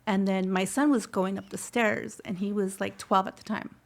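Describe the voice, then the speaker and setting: A woman's voice: mid-range voice, fairly even intonation, normal speed, creaky. A middle-aged woman telling her personal story in an interview, heartfelt, slipping Spanish phrases into her English. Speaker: scholarship recipient guest.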